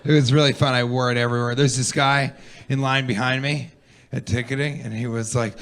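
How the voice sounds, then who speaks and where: Gravelly male stand-up comedian. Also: medium pitch, fairly quick. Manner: wry, animated anecdote telling with acted quotes. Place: comedy club stage.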